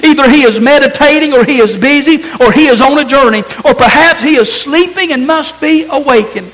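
A man's voice: very high voice, a little fast, a bit bright, rough recording. A man preaching a sermon, reading scripture aloud and repeating phrases for emphasis.

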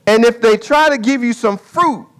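A man preaching a sermon with an object lesson, in a folksy way that swings from quiet asides to loud dramatic calls. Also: very high voice, normal speed.

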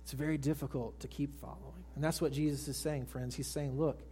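A male pastor preaching to a congregation, swinging from raised emphatic lines to hushed soft ones and putting questions to his listeners. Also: medium pitch, flat delivery, a little fast, slight background noise. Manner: asks the congregation direct questions. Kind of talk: sermon. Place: church service with congregation.

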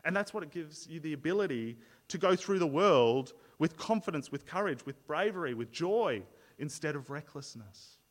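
A man's voice: a little high, animated, moderate pace, hardly any pauses, long reverb tail. A man preaching a sermon as pastor, explaining earnestly and often repeating words as he restarts a thought.

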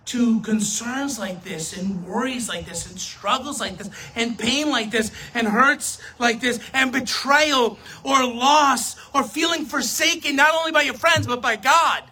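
A preacher giving a sermon, talking straight to the audience, swinging between loud emphasis and soft asides. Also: mid-range voice, measured pace, hardly any pauses. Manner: addresses the audience directly, self-correcting.

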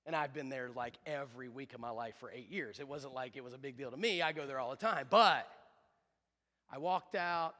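A man preaching a sermon as pastor, fervent and emphatic, building to loud, driving runs. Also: mid-range voice, quick pace, few pauses. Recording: long reverb of a large hall.

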